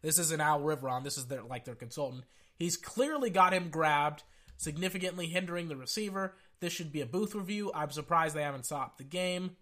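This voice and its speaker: A sports commentator with a fairly high, bright, pushed voice rants angrily and briskly about football refereeing. He reads out quotes, then vents with profane exasperation.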